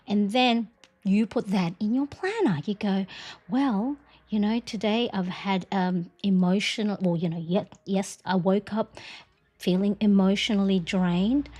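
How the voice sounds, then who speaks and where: A woman's voice: mid-range voice, measured pace, a little mellow. A middle-aged woman chatting on a planner livestream, talking casually and tagging her points with "right?" and "you know". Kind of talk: casual chat.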